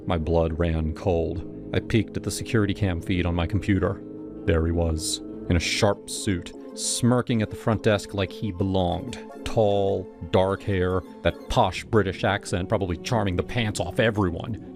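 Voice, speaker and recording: A man giving a brisk, wry scripted first-person narration of a horror story. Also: low-pitched, fairly even intonation. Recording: over loud background music.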